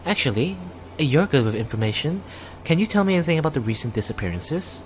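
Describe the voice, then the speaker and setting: A man's voice: a little high, sing-song, fast talker, soft background music, pitched above the performer's own voice. Elizabeth, a man doing a snappy, fiery schoolgirl. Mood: curious. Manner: snappy, scolding, insulting. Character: hot-tempered serious teen schoolgirl, sharp-tongued. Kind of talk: reading a visual novel aloud.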